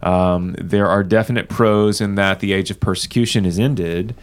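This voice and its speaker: A man, co-hosting a casual talk on church history, measured and explanatory with many filler words. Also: deep voice, steady tone, clean tone. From American South. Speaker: podcast co-host.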